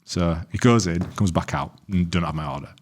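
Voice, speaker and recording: Deep-voiced man telling a sweary story. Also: a little fast, slight background noise. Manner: sweary storytelling, acts out both sides. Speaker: podcast co-host. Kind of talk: casual chat.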